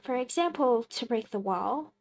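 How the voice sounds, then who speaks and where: A woman's voice: on the high side, lively intonation, normal speed. A woman reading the lines of a paranoid, hostile lone man, curt and swearing. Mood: irritated. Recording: loud game music behind.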